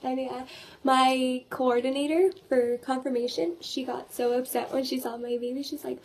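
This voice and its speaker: A woman's voice: sits high, steady tone, fairly quick, slight background noise. A teenage girl chatting in a casual video diary, retelling her day with quoted voices and laughs. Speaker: vlogger.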